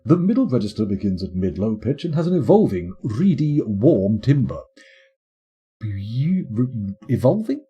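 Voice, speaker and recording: A man's voice: medium pitch, big pitch swings, unhurried, warm tone, breathy edge, lo-fi sound. A man streaming a game live, rambling and playful as he thinks aloud.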